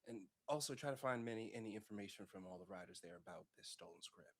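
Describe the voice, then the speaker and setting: A man's voice: mid-range voice, sing-song, quick pace, vocal fry. A man playing a tabletop role-playing game, laying out the crew's plan in an earnest way. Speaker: player. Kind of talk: casual tabletop role-play.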